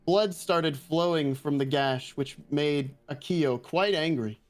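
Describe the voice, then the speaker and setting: A man's voice: on the high side, slow. A man, a guest reader, reading a fan roleplay aloud with many hesitations. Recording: faint music behind.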